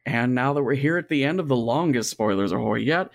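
A man's voice: medium pitch, expressive, brisk, vocal fry, no echo. A man co-hosting a podcast in casual chat, frank and joking with some swearing. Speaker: podcast co-host.

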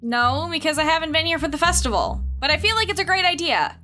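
A woman with a high, bright voice playing in a tabletop podcast. Her pitch swings widely as she asks playful questions. Soft music runs faintly behind her. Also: sing-song, quick pace. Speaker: player. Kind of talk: tabletop role-play podcast.

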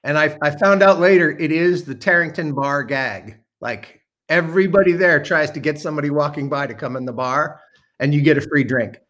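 A man telling a self-deprecating story in casual chat, animated and a bit profane. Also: fairly high pitch, brisk. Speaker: guest storyteller.

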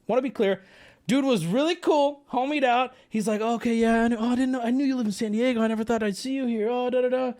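A man hosting a livestream, telling a story to chat in a casual, animated way, swearing and breaking into yelling. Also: very high voice, fast. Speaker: livestream host.

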